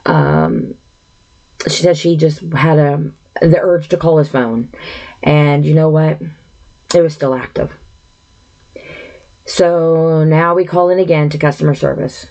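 A woman's voice: deep voice, steady tone, takes it slowly, pauses often, a little mellow. A woman telling a personal story in a casual, rambling monologue, indignant and full of fillers and asides. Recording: slightly dull lo-fi sound.

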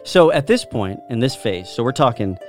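A British man talks in an enthusiastic, lecturing way, pitched squarely in the middle. He keeps turning to his listeners with questions. Faint music plays underneath. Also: sing-song, normal speed. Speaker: host explaining the history of English. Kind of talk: casual explanatory chat.

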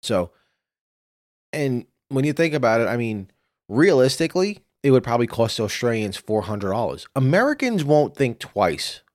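A man co-hosting a podcast in casual chat, with a very deep voice and a rambling, profane way of talking. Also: big pitch swings, moderate pace, no room sound, studio quality. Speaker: podcast co-host. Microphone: studio microphone.

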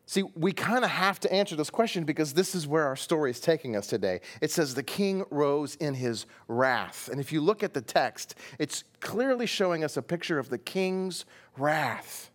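This middle-aged man from Texas speaks at a moderate pace in a slightly high voice with a Texan accent. Delivering a sermon as pastor, he acts out the story he's telling, doing the voices and sound effects with lively energy.

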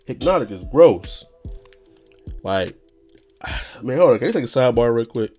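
A young man hosting a casual solo podcast rant, rambling and profane, with sudden high-pitched outbursts. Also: very animated, normal speed, darkish tone, faint music behind. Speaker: podcast host.

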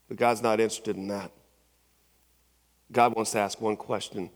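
A man's voice: fairly low pitch, flat delivery, normal speed, long pauses. A male pastor preaching a sermon in a church, telling stories conversationally with many restarts and repeated words. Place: church sanctuary. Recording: long church hall reverb.

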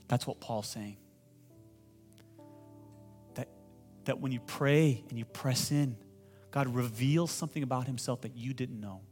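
Pastor guy preaching a sermon, gets the crowd to repeat stuff, soft music under it. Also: mid-range voice. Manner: builds from calm teaching to loud impassioned pleading; asks the congregation to repeat phrases. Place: church hall with congregation.

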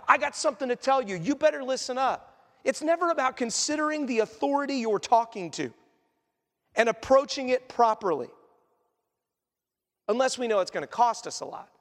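A man preaching a sermon as pastor, animated and acting out quoted voices as he teaches. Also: extremely high pitch. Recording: echoey hall reverb.

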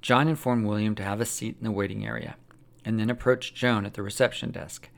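A man narrating a religious story aloud in a plain, steady storytelling manner, with a gravelly voice. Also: fairly low pitch, a little fast.

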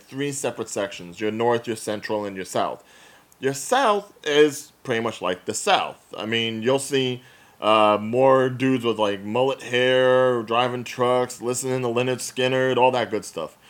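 Animated man with a New Jersey accent. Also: mid-range voice. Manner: animated, opinionated, laughs often. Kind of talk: casual chat.

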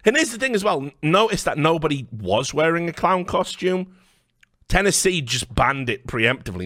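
A man's voice: a little high, big pitch swings, moderate pace, a bit bright, no room sound, studio quality. Sardonic, swearing British man. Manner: profane, sardonic, mocking. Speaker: commentator. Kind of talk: ranting commentary monologue.

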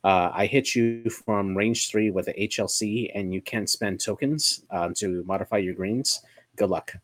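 A very deep-voiced man with a husky edge, talking through a tabletop game in casual chat. He is agreeable and often chimes in with assent. The sound is dry and close. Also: a little slow, no room sound.

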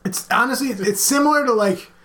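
A man's voice: extremely high pitch, a little fast, a bit bright, slight background noise. A man co-hosting a casual beer-tasting chat who swears freely, jokes and reads out viewer comments. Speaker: podcast co-host.

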